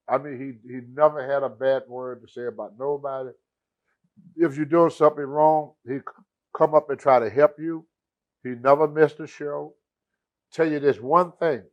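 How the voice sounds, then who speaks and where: A man who is a guest on a show, telling stories in a casual, animated way. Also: mid-range voice, highs cut off. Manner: animated, acts out the people in his stories. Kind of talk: casual storytelling.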